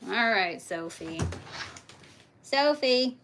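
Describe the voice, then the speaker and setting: A woman's voice: a little high, animated, very slow, a bit bright, a little hiss or hum. A woman hosting a casual livestream, chatting, joking and talking to her chicken at home. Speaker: livestream host.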